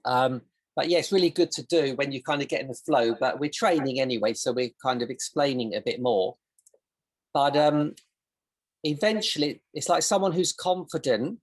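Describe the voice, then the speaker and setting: A woman's voice: a bass voice, moderate pace. A woman teaching a casual online coaching session over a video call, in a loose, rambling way with plenty of examples. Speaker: self-discovery coach.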